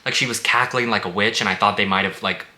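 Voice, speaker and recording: A man's voice: fairly low pitch, steady tone, quick pace, pushed and bright. A man giving a casual spoken movie review, blunt and sarcastic, swearing freely. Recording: echoey room.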